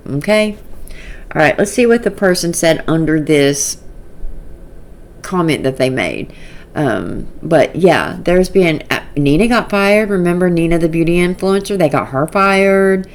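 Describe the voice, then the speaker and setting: A woman commenting on online drama in a casual vlog, sarcastic and exasperated, often laughing. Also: on the low side.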